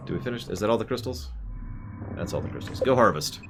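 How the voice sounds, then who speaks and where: A man's voice: lowish voice, animated, quick pace, over music. A man streaming a game and chatting casually, wandering into side tangents as he plays. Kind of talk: casual gameplay commentary.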